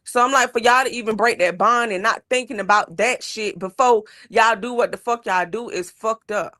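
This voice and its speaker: A woman's voice: on the high side, normal speed, bright, forceful tone, dry recording. A young woman on a livestream, telling her story bluntly and angrily with constant swearing. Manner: blunt, heated, heavy swearing. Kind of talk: casual livestream chat.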